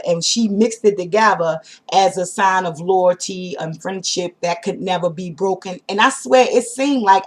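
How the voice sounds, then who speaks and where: A woman casually telling a personal story to her viewers, animated and slangy, talking straight to the camera. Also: medium pitch. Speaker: vlogger.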